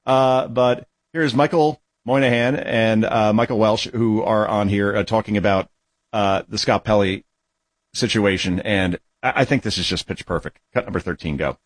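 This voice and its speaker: A man's voice: lowish voice, moderate pace, no echo. An older man hosting a talk radio show, giving sardonic commentary between clips with mocking asides.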